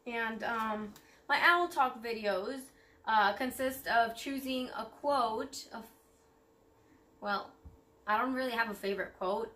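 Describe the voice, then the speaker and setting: A woman's voice: a little high, bright, forceful tone. A young woman chatting casually to her viewers on her vlog, bubbly and rambling with lots of fillers. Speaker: vlogger.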